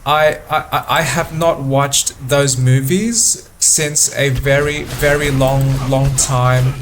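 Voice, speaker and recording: A man giving relaxed gameplay commentary, thinking aloud in a halting way and repeating words often. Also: medium pitch, background noise. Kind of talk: relaxed let's-play commentary.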